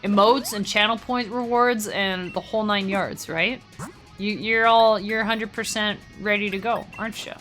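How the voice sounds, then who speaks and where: A woman's voice: medium pitch, steady tone, a bit bright, faint music behind. A young woman streaming a game live, chatting casually with her viewers and laughing easily. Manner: chatty, talks to chat, quick laughs. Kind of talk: casual live-stream chat while gaming.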